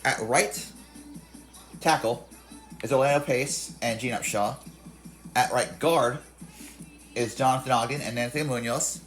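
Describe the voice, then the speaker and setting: A man's voice: medium pitch, measured pace, long pauses, faint music behind. A young man hosting a casual video game commentary, reading off rosters and stats and often correcting himself. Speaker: video game channel host.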